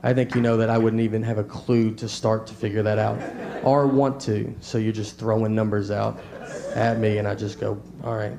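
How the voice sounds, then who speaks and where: A man from Tennessee with a Southern accent, telling a stand-up comedy set in a laid-back, deadpan way with hesitant fillers. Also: on the low side, normal speed, gravelly, crowd noise. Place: live comedy venue with audience. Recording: echoey live venue with audience laughter.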